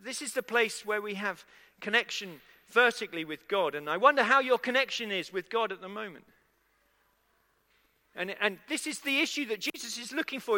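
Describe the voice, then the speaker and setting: A man with a very high-pitched, bright, forceful voice preaches a sermon to a congregation. He speaks conversationally and asks them questions, in an echoey hall with long reverb.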